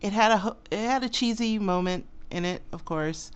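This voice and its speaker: A co-host in casual chat, playfully arguing back and quick to push back. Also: mid-range voice, smooth. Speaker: podcast co-host.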